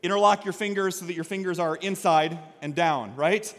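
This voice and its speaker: A man preaching a sermon as pastor, energetic, swinging from quiet storytelling to loud exhortation. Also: high-pitched, moderate pace. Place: church sanctuary. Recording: long reverb of a church hall.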